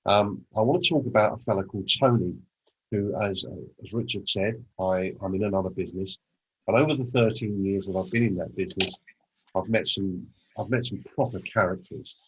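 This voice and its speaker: Husky man giving a motivational talk. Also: low voice, fairly quick, poor audio. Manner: storytelling, acts out quoted conversations. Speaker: presenter. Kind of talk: motivational presentation.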